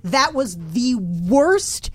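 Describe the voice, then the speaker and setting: A woman's voice: on the high side, very animated, very slow. Emphatic woman co-hosting a panel. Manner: emphatic, firm opinions. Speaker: podcast co-host. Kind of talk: casual panel chat. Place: convention panel room.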